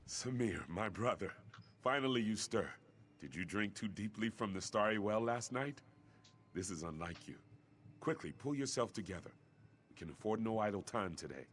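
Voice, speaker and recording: A man's voice: lowish voice, lively intonation, normal speed, slight background noise, close to an everyday voice. An actor playing an earnest young warrior prince who speaks formally and urgently to his brother in a video game. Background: game music.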